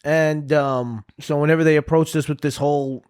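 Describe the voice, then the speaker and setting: Relaxed man with a higher voice. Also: normal speed, clean tone. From Palestinian family. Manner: relaxed, filler-heavy, says "right?" often. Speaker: podcast co-host. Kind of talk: casual storytelling chat.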